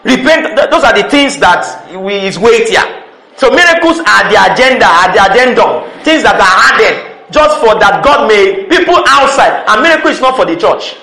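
A man's voice: sits high, animated, moderate pace, pushed and bright, echoey room, poor audio. A man preaching a sermon to a congregation in a church. He talks with emphasis, repeats key words and calls for responses.

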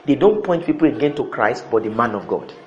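A man's voice: medium pitch, lively intonation, fairly quick, roomy sound, lo-fi sound, a little hiss or hum. A man preaching a sermon to a congregation in a church. He talks with emphasis, repeats key words and calls for responses.

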